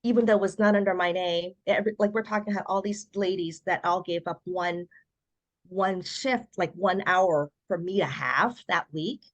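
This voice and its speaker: A middle-aged woman, a podcast guest, telling her personal story in a lively way and acting out what other people said. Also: on the low side, normal speed. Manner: animated storyteller who acts out quoted voices.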